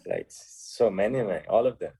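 A man with a Costa Rican accent speaks in a very low, husky voice with a dark, mellow tone. He is a guest on a casual radio interview and talks cheerfully in halting English, often tagging on "man". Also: animated. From Costa Rica. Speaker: guest footballer.

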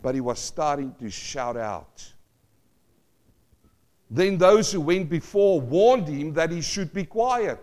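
A male pastor preaching a sermon, swinging from loud cries to hushed asides and asking the congregation questions. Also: a little high, animated, slow, pauses often. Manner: repeats phrases, asks the congregation questions.

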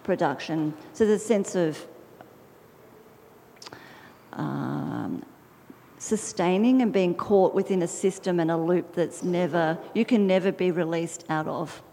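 A woman artist speaks about her sculpture, feeling her way through restarted phrases and ums. Her voice is lowish and dark in tone, and a long hall reverb hangs around her words. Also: a little slow, gravelly, pauses often, a little hiss or hum. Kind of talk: public talk about her artwork.

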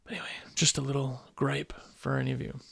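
A man's voice: mid-range voice, flat delivery, fast talker, gravelly, slightly rough. Chatty man giving business advice. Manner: rambling, chatty, acts out customer calls. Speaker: podcast host for window cleaners. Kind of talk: casual business advice monologue. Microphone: microphone at a computer.

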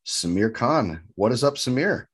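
A man's voice: medium pitch, lively intonation, moderate pace, a bit bright, slightly rough. A man co-hosting a podcast, upbeat and enthusiastic in casual chat. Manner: upbeat, enthusiastic, says fantastic a lot. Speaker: podcast co-host.

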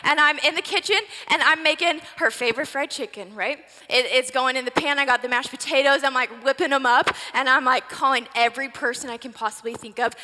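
A woman in her forties telling a sermon story dramatically, swinging from breathless excitement to hushed whispers. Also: sits high, moderate pace. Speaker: preacher. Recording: long reverb of a large hall.

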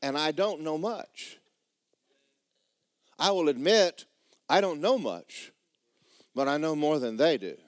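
A man's voice: on the high side, lively intonation, slow pace, long pauses, no echo, clean studio sound. A man preaching a sermon in a church, folksy and blunt, building to fervent emphasis. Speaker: pastor. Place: church sanctuary.

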